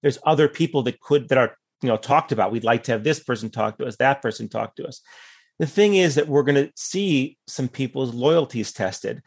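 A man talks through political analysis at an even middle pitch. He is thoughtful and measured, stacking qualifications and asides as he reasons. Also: breathy edge. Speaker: political commentator guest.

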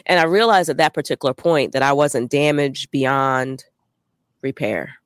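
A woman's voice: very deep voice, no echo. Earnest woman guest, dry close sound. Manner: reflective, earnest, measured. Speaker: podcast guest. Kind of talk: personal story in interview.

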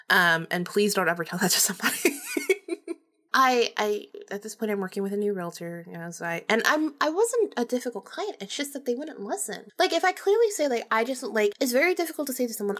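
Young woman, podcast host, breathy and chatty, laughs and swears freely. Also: on the high side, fairly bright tone. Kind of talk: casual storytelling.

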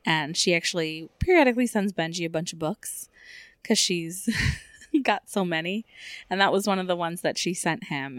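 A woman in her forties co-hosting a casual movie review chat, easygoing and quick to laugh. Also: fairly low pitch, no room sound, studio quality. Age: 40s. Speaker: podcast co-host.

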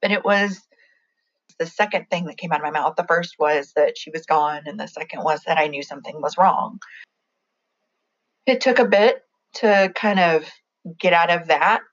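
Low-voiced woman recounting a loss. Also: lo-fi sound. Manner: halting, reflective, with many restarts. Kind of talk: personal storytelling.

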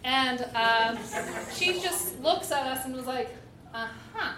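A woman's voice: sits high, slow. A woman telling a candid comedic story in a casual way, giggling and saying "like" a lot. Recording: echoey room with background noise.

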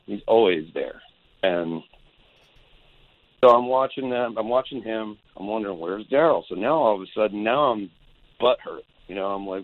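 Deep-voiced man on a tinny phone line. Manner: rambling anecdote with acted quotes. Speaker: guest musician. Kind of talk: phone-in storytelling.

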